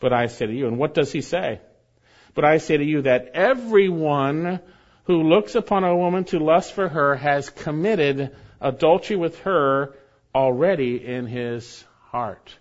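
A male pastor with a high, lively voice that swings widely in pitch, hammering on key phrases and repeating them for emphasis. His sermon comes through a dull, lo-fi church recording. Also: unhurried. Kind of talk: expository sermon.

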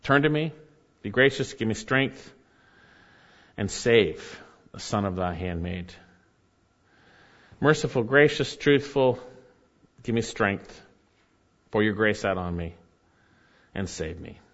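Expressive male preacher, slightly dull sound. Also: lowish voice, takes it slowly, pauses often. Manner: expressive preaching, swings from loud emphasis to hushed reading of scripture. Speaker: pastor. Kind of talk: sermon.

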